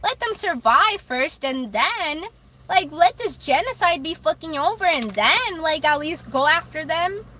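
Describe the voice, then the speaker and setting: A bright, high-pitched woman streamer talks straight to her chat. She sounds heated and emphatic, swears freely and hammers the same points again and again. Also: lively intonation, measured pace, slight background noise. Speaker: livestream host. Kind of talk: livestream talk reacting to chat.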